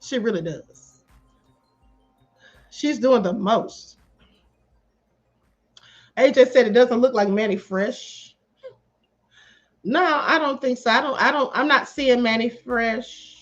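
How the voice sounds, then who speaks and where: Sassy high-voiced woman livestream host. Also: slow, pauses often, lo-fi sound, soft background music. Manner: sassy, animated, calls viewers beloved and honey. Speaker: live stream host. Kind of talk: live commentary reading chat.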